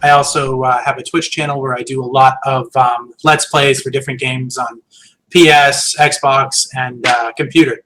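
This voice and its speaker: Halting man over a noisy background. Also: medium pitch, steady tone, pushed and bright. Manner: halting, with many fillers. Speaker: player. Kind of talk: casual self-introduction.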